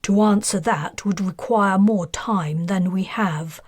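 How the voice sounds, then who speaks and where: Woman narrator plays a firm, controlled man striking a deal; slow and deliberate. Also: high voice, husky, dry recording, clean studio sound, full character voice. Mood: bargaining. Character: guarded, bargaining upper-class man.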